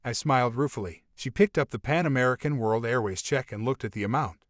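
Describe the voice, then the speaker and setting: A male audiobook narrator with a voice that sits in the middle of the range, neither high nor low. He reads a first-person memoir steadily and with a wry edge. The recording is close and dry, with no room sound. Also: quick pace, no echo.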